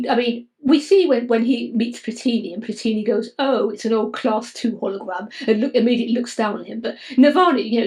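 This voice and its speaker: A woman co-hosting a casual podcast discussion, talking haltingly with many restarts and repeated fillers. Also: on the high side, a little mellow, low-quality recording. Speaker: podcast co-host.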